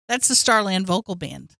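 A woman's voice: mid-range voice, lively intonation, unhurried, creaky, pushed and bright, no room sound, clean studio sound. A woman co-hosting a podcast in casual chat, teasing and bantering with some swearing. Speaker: podcast co-host.

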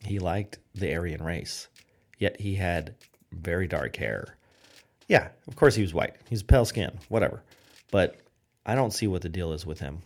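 A man's voice: low-pitched, normal speed. A man hosting a podcast, rambling through an irreverent, jokey comedy rant. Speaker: podcast host.

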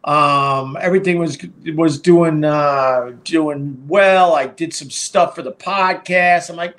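A man's voice: on the high side, takes it slowly, hardly any pauses, fairly bright tone. A middle-aged man hosting a live stream, telling a story casually with a rambling, profane delivery full of fillers and restarts. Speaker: podcast and live stream host.

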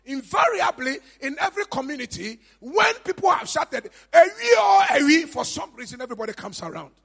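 A man with a Ghanaian accent, a pastor preaching a sermon, rising to high shouts and falling to quiet murmurs. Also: big pitch swings, brisk, creaky, breathy edge. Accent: Ghanaian English. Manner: preaching, shouts to a high pitch then drops to a low murmur. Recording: reverberant church hall with music behind.

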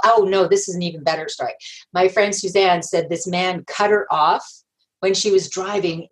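A woman guest in an interview, telling stories in a lively way and acting out the people she quotes. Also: mid-range voice, low-quality recording. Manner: animated storyteller, acts out quoted voices, laughs often. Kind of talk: conversational interview.

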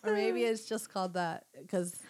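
A woman's voice: mid-range voice, steady tone, normal speed, a little mellow. A woman co-hosting a casual podcast, giggling and riffing on absurd bits. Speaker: podcast co-host.

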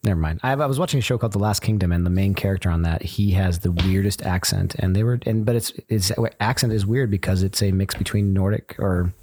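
A woman's voice: very deep voice, fast, few pauses, warm tone, breathy edge. A woman co-hosting a podcast, reacting bluntly and wryly in casual chat. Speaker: podcast co-host.

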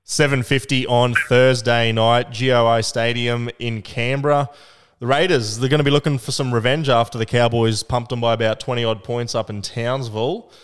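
A relaxed man hosts a casual sports chat and ribs his co-hosts as he steers them through the questions. His voice is smooth and resonant. A long reverb trails each line, as if he is recording in a big room. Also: medium pitch, normal speed. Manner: laid-back, teasing, leads the questions. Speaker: podcast host.

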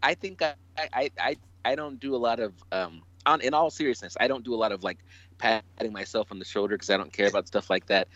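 A man's voice: lowish voice, a little fast, a bit bright, no echo, highs cut off. A man speaking as a podcast guest, hesitant and restarting his sentences often. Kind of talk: casual podcast chat.

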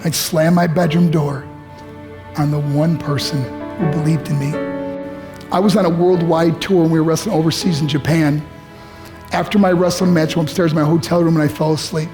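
A man's voice: a little high, steady tone, brisk, music in the background. Emotional man giving a motivational speech. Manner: emotional storytelling, voice rising with feeling. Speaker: motivational speaker.

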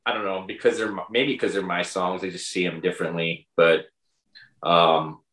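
A man with a low voice and a bright, forceful tone, chatting about his own songs. He talks haltingly, with lots of restarts, and the room adds an echo. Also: fairly even intonation. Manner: hesitant, full of restarts and fillers. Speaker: songwriter and bandleader. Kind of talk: casual conversation about an album.

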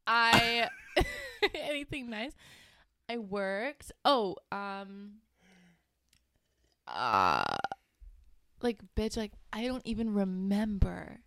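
A woman's voice: mid-range voice, big pitch swings, extremely slow, pauses often, sharp tone, dry recording, clean studio sound. A young woman from Appalachia co-hosting a casual podcast chat, giggly and full of "like". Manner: giggly, heavy use of "like". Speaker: podcast co-host.

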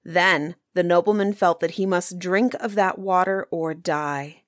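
Woman storyteller, unhurried old-fashioned fairy-tale reading, close and dry sound. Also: on the low side, steady tone, no echo. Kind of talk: reading a folk tale aloud.

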